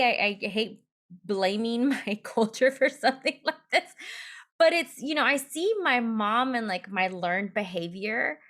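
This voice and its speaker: A woman's voice: a little high, fairly bright tone. A woman hosting a podcast in casual chat, conversational and laughing often. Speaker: podcast host.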